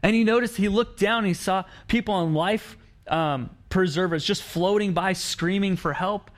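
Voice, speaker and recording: A man's voice: sits high, moderate pace. A man giving a sermon as a pastor, talking conversationally and acting out quoted lines in the story he tells. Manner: conversational preaching, acts out quoted lines, frequent restarts.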